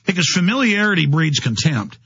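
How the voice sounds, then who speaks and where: A man's voice: fairly high pitch, very animated, fairly quick, a bit bright, husky, lo-fi sound. A man hosting a talk radio show, delivering an impassioned, ranting monologue straight to his listeners.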